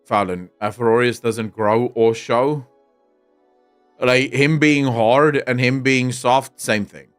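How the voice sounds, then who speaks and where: A man's voice: medium pitch, steady tone, slow pace, smooth, soft background music. A young man with a South African accent, chatting casually and crudely on a live stream, joking and swearing as he reacts to chat. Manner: sardonic, joking, frequent laughter and swearing.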